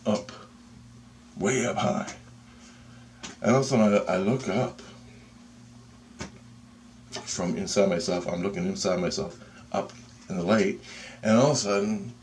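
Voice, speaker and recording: A man telling a personal story in a casual, excitable and profane way, with pauses and restarts. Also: fairly low pitch, slight background noise.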